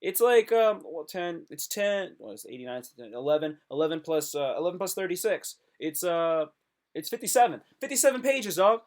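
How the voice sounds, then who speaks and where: Young guy on his live stream, kinda high voice, hyped and rambly, hyping himself up. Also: big pitch swings, a little fast. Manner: hyped, rambling, self-motivating, calls viewers son and kid. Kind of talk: casual live stream monologue.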